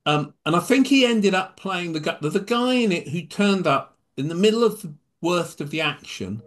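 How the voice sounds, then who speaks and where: A man's voice: high-pitched, normal speed. A man from England, a poet, reading a comic poem and then chatting hesitantly about his work with a wry humor. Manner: wry, hesitant between poems, animated when reciting. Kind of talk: poetry reading and chat.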